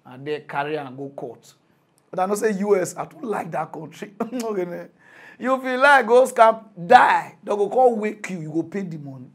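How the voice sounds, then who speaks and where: High-voiced excitable Nigerian Pidgin ranter. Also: male voice, a little fast, slightly rough. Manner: excitable, laughing, big swings in loudness. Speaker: mock news commentator. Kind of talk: comic rant.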